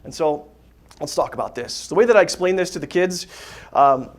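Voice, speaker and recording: A man's voice: a little high, expressive, normal speed. A man giving a casual faith talk to a group of parents, full of rhetorical questions and asides like "right?". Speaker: catechist teaching parents. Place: parish hall dinner gathering.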